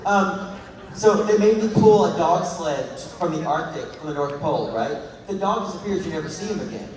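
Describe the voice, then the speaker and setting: A man holds a big convention hall with rambling comedic stories, laughing as he goes. His voice sits slightly high and sounds far off, wrapped in long, roomy reverb. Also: lively intonation, moderate pace, a crowd in the background. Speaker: actor answering fan questions at a panel. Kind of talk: comedic storytelling on stage. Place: large convention hall with audience.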